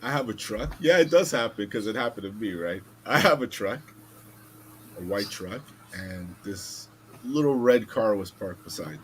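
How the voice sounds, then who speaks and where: Podcast host, male, casual and animated, swears freely, faint hiss on the track. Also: fairly low pitch, normal speed. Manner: animated, swearing, acts out voices in stories. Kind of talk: casual storytelling chat.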